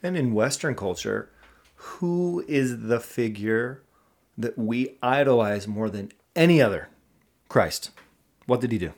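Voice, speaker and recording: A man in a casual podcast conversation speaks with animated, emphatic energy. His mid-range voice rises and drops like a preacher's as he drives his points home. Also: mid-range voice, measured pace.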